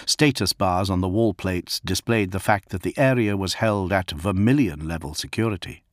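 A man reading an audiobook as narrator, steady and measured. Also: low-pitched, no room sound, studio quality.

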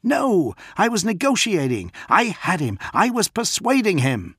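A man's voice: lively intonation, unhurried, fairly bright tone, no echo, studio quality. A man voicing an agitated male prisoner with psychic powers, talking in a strained, indignant way in an audiobook. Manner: indignant, pleading, raised pitch.

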